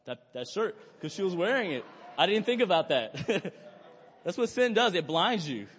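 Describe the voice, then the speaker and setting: Conversational young male pastor in a reverberant hall. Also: on the high side. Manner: conversational, asks the audience questions. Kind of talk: sermon.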